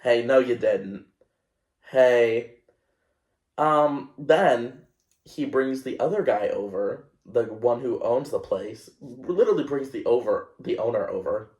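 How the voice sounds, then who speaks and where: A young man hosting a podcast, telling a story in a casual, animated and self-conscious way, with lots of fillers. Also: medium pitch, slow pace. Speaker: podcast host. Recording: echoey room.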